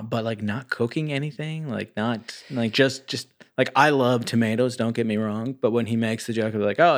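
A man co-hosting a podcast, ranting sarcastically about a movie with plenty of swearing and restarts. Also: mid-range voice. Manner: sarcastic, profane, rambling with restarts. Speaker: podcast co-host. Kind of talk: casual movie review chat.

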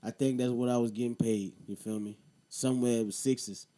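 A man's voice: mid-range voice, steady tone, a little fast, dark tone. A man in his thirties hosting a casual show, telling a profane, slangy story and then talking about voting. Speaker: podcast host.

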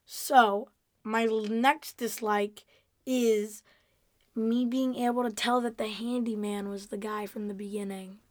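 A playful woman co-hosting a casual review podcast who teases her partner. Her voice sits a little high. The recording is dry and close, with no room sound. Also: steady tone, unhurried, no echo. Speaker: podcast co-host reviewing episodes. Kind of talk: casual chat.

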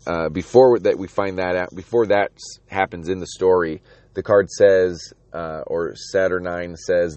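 A man's voice: low voice, steady tone, measured pace, darkish tone, no echo. A man talking casually about a comic book, rambling with restarts and reading passages aloud.

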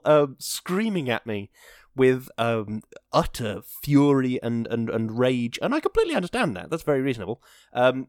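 A young man talks into a dry, close podcast mic in a rambling, self-deprecating way, with sudden bursts of excitement. His voice sits at an ordinary middle pitch. He then settles into reading a story aloud. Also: no echo. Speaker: podcast host.

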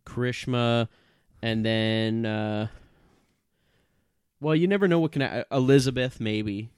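A male podcast co-host in casual chat, confident and quick to make calls. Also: medium pitch, a little mellow, clear, resonant tone, no room sound, clean studio sound.

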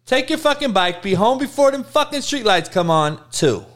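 A man's voice: high-pitched, big pitch swings, normal speed, fairly bright tone, voice pushed up. A man playing a stern old-school father who barks orders and curses. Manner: barking orders, cursing.

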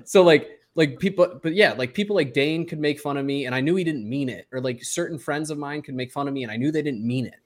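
A man's voice: fairly high pitch, a little fast. A man in casual chat, speaking candidly and a bit rambling about personal lessons. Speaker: podcast co-host.

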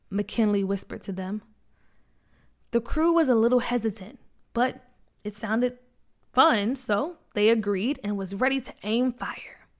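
A woman narrating a children's story aloud in a lively read-aloud style. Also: fairly high pitch.

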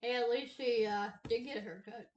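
A woman's voice: on the high side, fairly even intonation, moderate pace, muffled recording, a loud crowd. A woman chatting casually among friends and dropping wry, dry quips. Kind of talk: casual chat. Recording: clicks and clear background noise.

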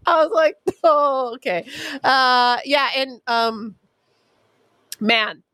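A woman's voice: high-pitched, very slow, pushed and bright, clean tone, dry recording. A woman from California, a talk show co-host telling candid, swearing family stories in casual chat. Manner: candid storytelling with laughs and swearing.

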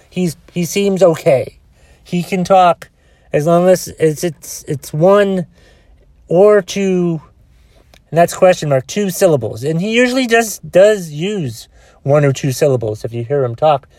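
A man's voice: sits high, animated, unhurried, a little mellow, no room sound, studio quality. A man ranting alone into his phone, exasperated and profane, rambling with frequent restarts. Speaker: solo podcaster. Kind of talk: casual rant.

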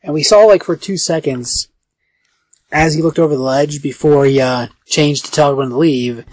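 Higher-voiced podcast co-host, animated. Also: male voice, normal speed, dry recording. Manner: animated, jumps in with plot details. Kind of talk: casual comic book recap.

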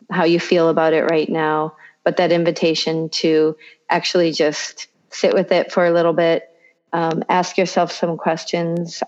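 A woman talks in an easygoing, encouraging way, rambling gently through her thoughts. Her voice is fairly low, and the recording sounds dull and lo-fi. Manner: relaxed, encouraging, rambling with fillers. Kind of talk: casual conversation.

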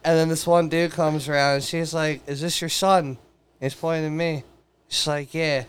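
Young male co-host, casual storyteller, swears freely, acts out quotes, smooth clear voice. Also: a little high, level tone, moderate pace.

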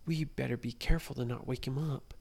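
Man voicing a hushed young boy adventurer. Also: medium pitch, steady tone, fairly quick, vocal fry, husky. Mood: eager. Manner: hushed, half-whispered warnings. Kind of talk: bedtime story voice.

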